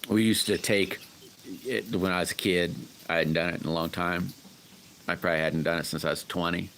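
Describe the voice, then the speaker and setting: Host: man, very low voice, rambling folksy livestream chat, faint room hum behind. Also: little pitch movement, fairly quick, a bit bright. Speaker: livestream host chatting with viewers.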